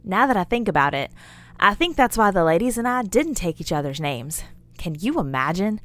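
A woman's voice: mid-range voice, big pitch swings, normal speed, close to an everyday voice. A woman playing a folksy, chatty character who rambles and scolds her listener as she lectures him about memes. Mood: rambling. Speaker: character in an audio drama monologue. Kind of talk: scripted character monologue.

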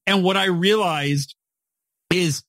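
Speaking slowly in a high, slightly bright voice, a guest author in his forties gives motivational explanations in a podcast interview. He's emphatic and keeps repeating "right?" at the end of his points; the recording is dry.

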